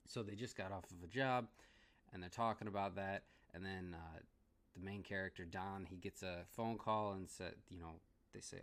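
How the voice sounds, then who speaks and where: A man's voice: deep voice, fairly even intonation, moderate pace, a bit bright. A man giving a casual movie review, rambling and laughing often as he restarts his sentences.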